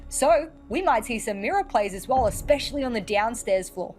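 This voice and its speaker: Female play-by-play esports caster, higher pitch, lively and confident. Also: normal speed, soft background music. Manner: lively, teasing, confident calls. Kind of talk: live esports play-by-play commentary.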